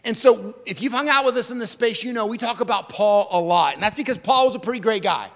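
A man preaching a sermon in a lively, casual way, with slang and sudden swings from loud to hushed. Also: high-pitched, fast, creaky. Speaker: pastor. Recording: long reverb of a large hall.

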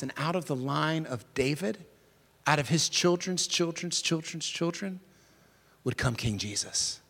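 A man preaching a sermon in a lively, casual way, with slang and sudden swings from loud to hushed. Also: fairly high pitch. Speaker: pastor. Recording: long reverb of a large hall.

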